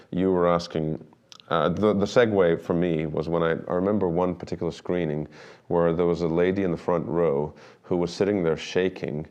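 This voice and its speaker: A middle-aged man, a documentary filmmaker, telling stories in a relaxed interview and acting out the dialogue he quotes. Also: sits low. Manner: animated anecdotes, acts out quoted dialogue. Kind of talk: conversational storytelling interview.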